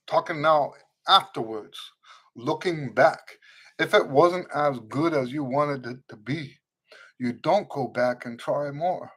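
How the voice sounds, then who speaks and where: Man, higher voice, trumpet teacher, live-stream Q&A, earnest, instructive, repeats phrases for emphasis, greets viewers. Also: fairly bright tone. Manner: reads viewer comments aloud and greets them.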